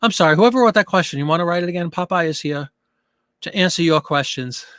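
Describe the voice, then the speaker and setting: A chatty man hosting a live stream, his speaking voice sitting a little higher than most men's. He reads out viewer comments and answers them in a loose, conversational way. The sound is close and dry, with no room echo. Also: quick pace, fairly bright tone. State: out of breath. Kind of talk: casual live chat with viewers.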